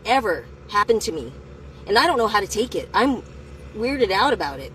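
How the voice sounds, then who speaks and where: A woman telling a personal story to the camera, in a candid and profane way, speaking slowly at first and then getting heated. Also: medium pitch, big pitch swings, fairly bright tone, slight background noise, low-quality recording. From United States.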